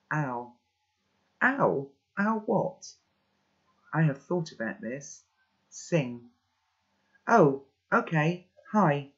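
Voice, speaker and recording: A man reading a children's novel aloud in a steady first-person narration, sometimes stepping out for brief spoken asides. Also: mid-range voice. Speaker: storybook reader. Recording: dull lo-fi recording.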